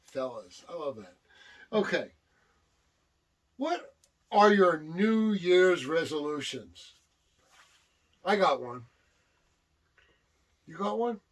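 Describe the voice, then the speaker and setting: An older man co-hosting a casual wrestling talk show, boisterous and teasing, reading out questions and shouting to rile up his co-host. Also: fairly high pitch, lively intonation, slow, long pauses.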